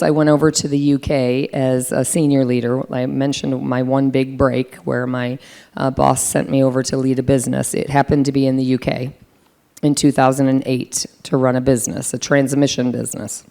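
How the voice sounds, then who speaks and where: A middle-aged American businesswoman with a very low, mellow voice. She speaks in a smooth, reflective way during a fireside chat, pausing often on fillers. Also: flat delivery. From United States. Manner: conversational, reflective, frequent fillers. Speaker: senior business leader, guest.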